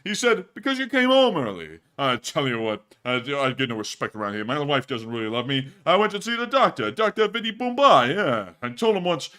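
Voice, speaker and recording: Man doing a loud whiny stand-up comic. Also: mid-range voice, very animated, brisk, hardly any pauses, smooth. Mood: self-pitying. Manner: loud punchy one-liners, complaining. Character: whiny self-pitying male stand-up comic.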